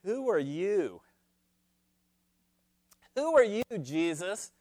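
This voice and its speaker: A man's voice: high voice, very animated, drawn-out words, a little mellow, no room sound, studio quality, pitched above the performer's own voice, full character voice. A man voicing indignant, self-righteous male religious leaders who question with haughty affront.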